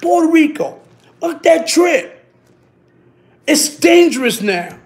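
A middle-aged man, telling stories in a casual, animated way, full of street slang and repeating himself. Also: very high-pitched, slow. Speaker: interviewee. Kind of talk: casual storytelling.

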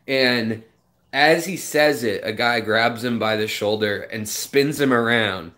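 A man's voice: mid-range voice, takes it slowly, bright, forceful tone. A man casually hosting an aquarium live stream, rambling, telling stories and greeting viewers by name.

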